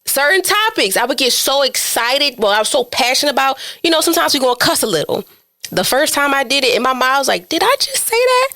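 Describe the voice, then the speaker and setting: A woman in her twenties hosting a podcast in casual chat, talking in an animated, chatty way and acting out her own inner voice. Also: sits high, fast talker. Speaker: podcast host.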